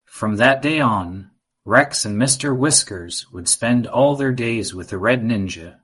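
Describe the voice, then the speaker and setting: A man narrating a children's adventure story in an even, measured reading. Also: mid-range voice, slightly rough.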